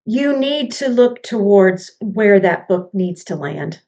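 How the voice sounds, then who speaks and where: A middle-aged woman hosts a casual podcast chat as a book coach. She talks at a medium pitch, in a chatty, rambling way, and often drifts off on tangents before finding her point again. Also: animated, slow pace, warm tone, dull audio.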